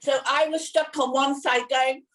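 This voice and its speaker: A high-pitched woman co-host laughs her way through an embarrassing story, words tumbling out between giggles. Her voice sits some way from the microphone, sounding distant. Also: steady tone, unhurried, fairly bright tone. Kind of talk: casual chat, telling an anecdote. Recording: voice distant from the mic.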